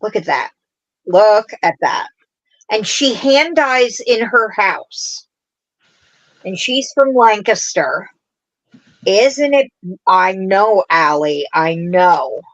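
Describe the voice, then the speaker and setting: A woman's voice: medium pitch, lively intonation, takes it slowly, pauses often, low-quality recording. A woman hosting a craft livestream, chatting in a rambling way and laughing often as she talks to viewers. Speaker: craft show host. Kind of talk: casual livestream chat.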